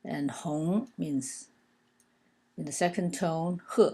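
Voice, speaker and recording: A woman with a low voice and a gravelly, creaky edge gives a language lesson. She talks slowly, patiently and deliberately. She stops often for filler sounds while she explains characters one at a time. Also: a little mellow. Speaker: language teacher.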